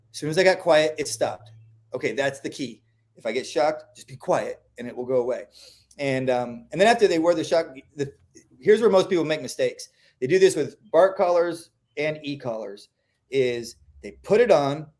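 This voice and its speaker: A man who trains dogs, talking through training tips in a relaxed, animated way and acting out the quotes he gives. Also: fairly high pitch. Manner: animated, acts out quotes in voices. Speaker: dog trainer. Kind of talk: casual explanatory chat.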